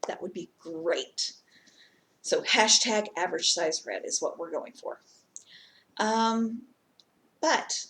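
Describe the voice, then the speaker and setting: A woman vlogger telling a casual story time, chatty and rambling, with many ums and asides. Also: medium pitch.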